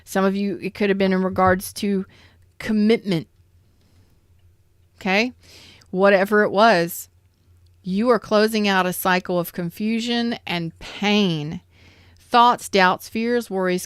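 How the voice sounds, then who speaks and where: A woman's voice: medium pitch, clean tone, no room sound, studio quality. A woman giving a tarot reading to her viewers, earnest and emotional, repeating herself as she speaks straight to them. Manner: earnest, repetitive, emotional, addresses viewers directly. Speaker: tarot reader.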